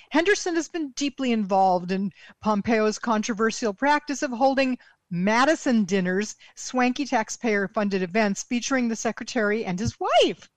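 A woman's voice: fairly high pitch, no room sound. A woman co-hosting a casual podcast, reading political news aloud with sarcastic asides. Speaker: podcast co-host.

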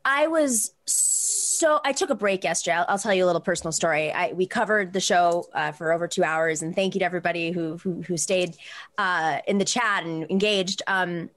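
A woman hosting a talk show, telling a personal story in a quick, animated way with many restarts. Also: lowish voice. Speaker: host.

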